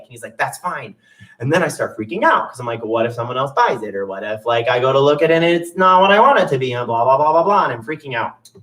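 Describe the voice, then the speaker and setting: A young man performs solo on stage, telling a funny personal story in a chatty, self-mocking style as part of a storytelling monologue with songs. His voice is medium-pitched and fairly bright, picked up by a distant mic.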